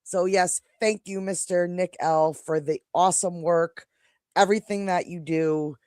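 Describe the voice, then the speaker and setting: A woman with a New York accent chats through a live stream, her speech rambling and full of restarts. Her voice sits a little low for a woman. The sound is dry and close, with no room echo. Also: fairly even intonation, a little slow, darkish tone. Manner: chatty, rambling, self-interrupting. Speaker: co-host. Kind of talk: casual live-stream chat.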